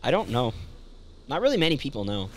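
A man's voice: medium pitch, big pitch swings, a little fast, slight background noise. A man hosting a casual let's play, explaining the game to his friend in a laid-back way. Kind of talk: casual gameplay chat.

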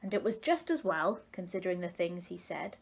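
A woman's voice: fairly low pitch, sing-song, a little fast, creaky, slightly rough, heavily acted. A woman voicing a nosy, disapproving old neighbour fish in a storybook reading, speaking in a scolding, self-righteous way.

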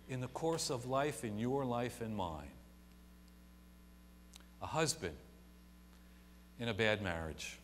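Man preaching in a reverberant church. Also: fairly low pitch. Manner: swings from quiet to loud and emphatic, voices imagined people. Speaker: pastor. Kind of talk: sermon. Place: church sanctuary. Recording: long church reverb, faint hum.

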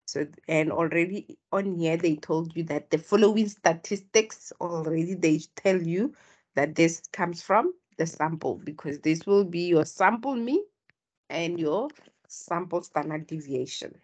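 A woman with a husky voice tutoring statistics online. She explains each step and prompts her students to speak up. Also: on the low side, measured pace, darkish tone.

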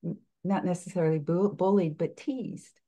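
An older woman speaking coach answering interview questions in a reflective, halting way, with frequent restarts. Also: on the low side, fairly even intonation, warm tone.

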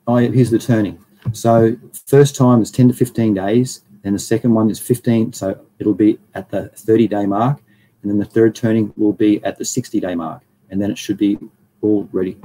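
A man's voice: fairly low pitch, warm tone, slight background noise, rough recording. A man hosting a live stream, reading through slides in a rambling, casual way and greeting viewers in the chat. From Australia.

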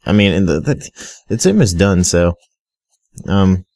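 A man's voice: low voice, expressive, measured pace, darkish tone, no echo, studio quality. A young man giving casual, rambling Minecraft commentary, often stuttering and talking straight to his viewers. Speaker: gaming video creator.

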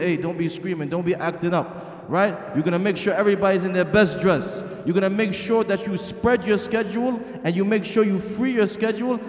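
Earnest preacher in an echoey hall. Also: male voice, sits high, darkish tone. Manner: earnest, rhetorical questions to the audience. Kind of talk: sermon.

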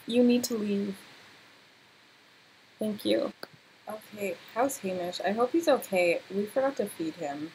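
A young woman giving casual, excitable let's-play commentary, full of gasps and laughter. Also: mid-range voice, measured pace, long pauses, breathy edge, poor audio. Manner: excitable, laughing, exclamatory reactions. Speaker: gameplay commentator.

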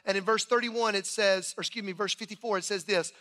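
A man preaching an Easter sermon in a large church, his voice sitting high and bright. He tells the story conversationally, restarting phrases as he goes. The sound carries a long hall reverb. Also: fairly even intonation, fairly quick, few pauses. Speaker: pastor.

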